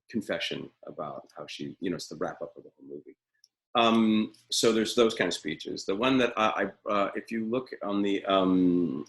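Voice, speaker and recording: A man's voice: low-pitched, creaky, a bit bright, low-quality recording. A middle-aged man teaching acting in a live webinar from a room at home, talking in an opinionated, rambling way with many fillers.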